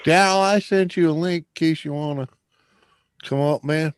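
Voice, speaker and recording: A man's voice: fairly high pitch, clear, resonant tone, no room sound. Laid-back man with a dry sound. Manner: laid-back, quick short responses. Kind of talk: casual chat on a live stream.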